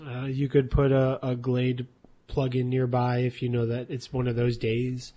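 A man co-hosting a podcast in casual chat, joking and often pausing with "uh". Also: medium pitch, monotone, mellow, muffled recording. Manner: joking, hesitant with many uhs. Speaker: podcast co-host.

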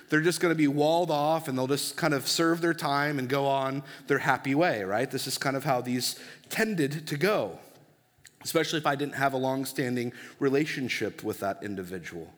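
A man's voice: a little high, a bit bright. A man in his thirties preaching a sermon in a conversational, storytelling way and often checking for the audience's agreement. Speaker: pastor. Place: church. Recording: long reverb of a church hall.

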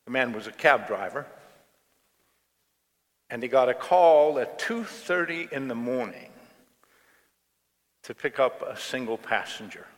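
Slow-speaking male pastor in a church. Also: medium pitch, lively intonation. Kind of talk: sermon. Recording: long reverb of a church hall.

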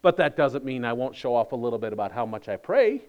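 A man's voice: mid-range voice, sing-song, fast talker, highs cut off. A man preaching with wry emphasis. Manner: conversational, emphatic, wry humor. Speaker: pastor. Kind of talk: sermon.

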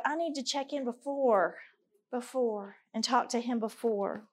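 Reading from scripture between personal anecdotes, a middle-aged women's ministry speaker gives an earnest, candid, conversational sermon to a gathering of women. She talks at a measured pace in a fairly high voice.

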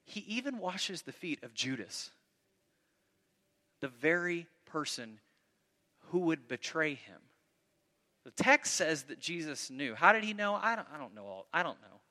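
A man preaching a sermon in an animated way, acting out the voices of the people in his story and often repeating words as he goes. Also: on the high side, a little slow, long pauses. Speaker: pastor. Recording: long hall reverb.

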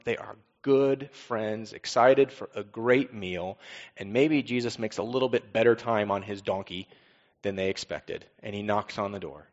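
A man's voice: lowish voice, in a large hall, muffled recording. A man preaching a sermon as pastor, with a conversational delivery, rhetorical questions and repeated refrains.

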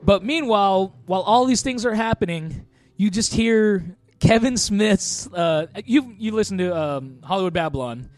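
A man's voice: high-pitched, expressive, normal speed. A man on a podcast casually recapping a movie, rambling with lots of fillers and frequent laughter. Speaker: podcast co-host.

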